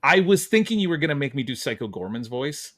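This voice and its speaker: Joking podcast host, lively voice. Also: male voice, medium pitch, fast talker. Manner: joking, self-deprecating, swears. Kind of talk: casual chat.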